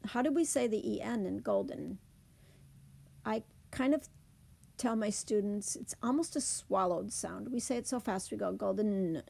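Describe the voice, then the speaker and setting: Gravelly-voiced woman teaching phonics. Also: medium pitch, a little mellow. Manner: clear, deliberate demonstration of words. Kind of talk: phonics lesson narration.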